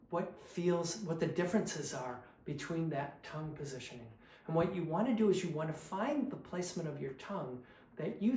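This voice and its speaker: A man teaching a choral diction lesson, demonstrating consonant and sung syllable drills in a patient, unhurried way. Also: on the high side, warm tone, roomy sound, rough recording. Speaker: vocal coach.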